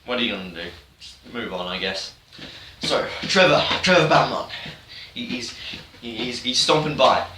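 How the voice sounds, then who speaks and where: A man recaps a game's story in a rambling, irreverent, deadpan manner. His voice is bright and a bit forceful. He sits off-mic in an echoey room, with faint hiss underneath. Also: mid-range voice, normal speed, distant mic. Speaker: YouTuber. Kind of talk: comedic game-story recap.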